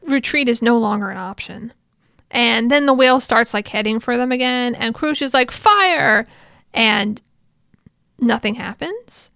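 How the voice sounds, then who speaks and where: A woman with a fairly high voice talks through an episode in a relaxed, chatty recap. She drifts into asides as she retells the scenes. The sound is dry, with no room echo. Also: clean tone. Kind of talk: casual spoken recap.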